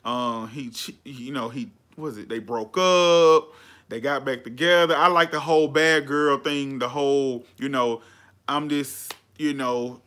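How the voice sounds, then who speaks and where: Male podcast host with a bright voice, lively and slangy, a casual storyteller. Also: mid-range voice, unhurried. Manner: animated, chatty, lots of slang and fillers. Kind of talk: casual chat.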